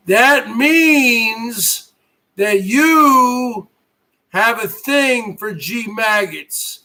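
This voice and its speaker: A middle-aged man hosting his own live stream, ranting at viewers in a loud, mocking way and often breaking into shouts. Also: extremely high pitch. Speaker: livestream host.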